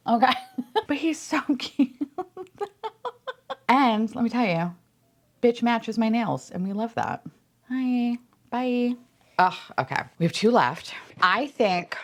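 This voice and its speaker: A woman chatting casually while unboxing toys, gushing and swearing freely, sometimes dropping into soft whispers. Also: medium pitch. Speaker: unboxing vlogger.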